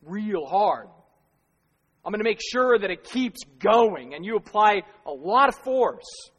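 A man's voice: high voice, animated, normal speed, a bit bright. A male pastor giving a conversational sermon, asking rhetorical questions and laughing at himself now and then. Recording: long reverb of a large hall.

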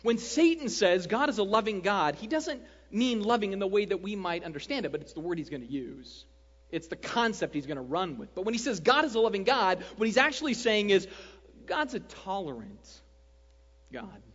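Pastor guy with a high voice, jokey and animated, keeps saying right, long church echo. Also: moderate pace. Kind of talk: sermon. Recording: dull lo-fi sound, long hall reverb.

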